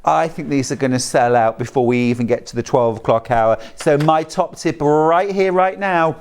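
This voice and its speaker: A man's voice: on the high side, clean tone. British guy hosting a tv shopping show, chatty and jokey, voice bounces all over the place. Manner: chatty, jokey, reads out viewer messages. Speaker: shopping channel presenter. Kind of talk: live TV shopping presentation.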